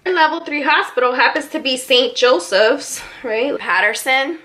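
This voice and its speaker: A young woman vlogger casually telling a personal story to camera, animated and full of "like"s. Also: sits high, unhurried. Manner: animated, filler-heavy retelling with many "like"s.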